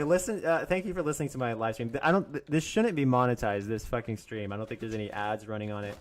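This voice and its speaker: A man's voice: mid-range voice, a little hiss or hum. A young man ranting on his own live stream, angry and profane, mocking others in put-on voices and laughing often.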